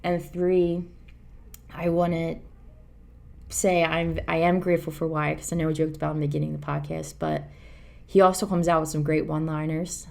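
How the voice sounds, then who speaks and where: A woman's voice: sits low, level tone, normal speed, vocal fry, a little mellow. A woman co-hosting a podcast in casual, earnest chat, rambling and reassuring. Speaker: podcast co-host.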